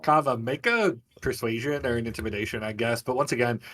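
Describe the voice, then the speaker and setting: A man narrating as game master in a tabletop game, laid-back, breaking into loud shouted voices for the characters. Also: mid-range voice, fairly quick.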